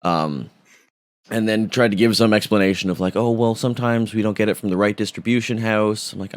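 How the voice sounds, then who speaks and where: A man's voice: fairly low pitch, quick pace, dry recording. A man co-hosting a podcast, telling a story in casual chat with profane, sarcastic humor. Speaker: podcast co-host.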